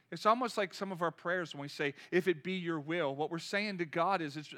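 A man's voice: high-pitched, normal speed, sharp tone. A man preaching a sermon to a congregation in a church, talking conversationally, asking the room questions and rising to impassioned cries. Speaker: pastor.

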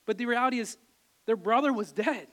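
A man with a notably high voice delivers a sermon, retelling scripture in plain, conversational words. He talks earnestly, rising to emphatic, insistent peaks and then sinking back to soft, quiet passages. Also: a little fast. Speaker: preacher.

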